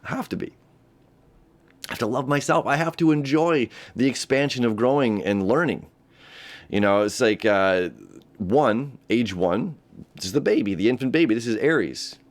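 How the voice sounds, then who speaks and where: An American man hosts a casual spoken horoscope talk recorded on a camera setup, rambling, repeating himself, and laughing often. His mid-range voice is animated and moves at a moderate pace.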